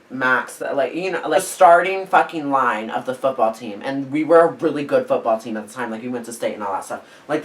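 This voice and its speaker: A man in his twenties, a podcast host, telling a story in a casual, animated way, full of fillers and acted-out quotes. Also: medium pitch, distant mic, rough recording. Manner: animated, filler-heavy, acts out quoted lines.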